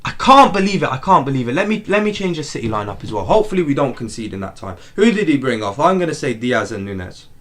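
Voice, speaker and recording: A young man hosting a live football watchalong, excitable and repetitive, swinging from outraged exclamations to low muttering. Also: fast, hardly any pauses. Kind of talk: live match watchalong commentary.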